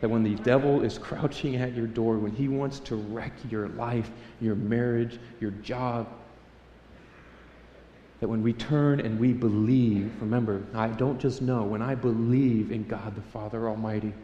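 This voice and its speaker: A man's voice: medium pitch, fairly even intonation, a little slow, warm tone, highs cut off, a little hiss or hum. A male pastor in his thirties delivers a sermon in a casual, storytelling way. He animates his anecdotes with acted-out voices. The sound carries a long, roomy reverb, as if captured in a large church. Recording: echoey hall reverb.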